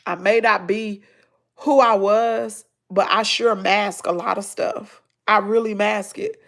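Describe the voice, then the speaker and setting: A woman's voice: medium pitch, steady tone, slow pace, fairly bright tone. A middle-aged woman with a Southern accent, crying and stuffed up, talking heartfelt to her viewers. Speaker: family vlogger. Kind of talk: emotional livestream talk to viewers.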